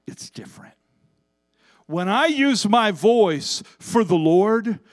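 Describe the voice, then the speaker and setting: A man preaching from a church stage, his voice sitting high for a man. He swings between loud, stretched-out emphasis and quiet, conversational asides, and acts out the voices in the Bible story he retells. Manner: preaching with wide swings in pitch and loudness, drawn-out emphasis; acts out quoted voices in Bible stories, casual asides to congregation. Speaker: pastor. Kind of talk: sermon.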